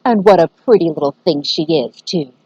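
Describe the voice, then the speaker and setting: A woman voicing a jittery male art thief in a storybook, raising her voice high and excitable. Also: moderate pace, slightly rough, dry recording, dull audio. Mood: boastful.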